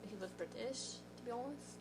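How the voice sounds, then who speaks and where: A woman's voice: on the high side, brisk, background noise. An American woman co-hosting a podcast, chatting casually in a playful, jokey, sing-song way. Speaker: podcast co-host. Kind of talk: casual chat.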